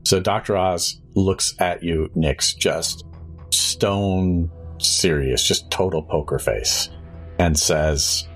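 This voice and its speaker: A man's voice: low voice, slow pace, fairly bright tone, faint music behind. A man running a tabletop game as game master, narrating in a casual way.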